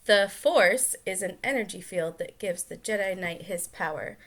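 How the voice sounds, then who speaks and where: A woman voicing a wise old male hermit mentor in a storybook reading, explaining in a measured tone. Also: medium pitch, a bit bright.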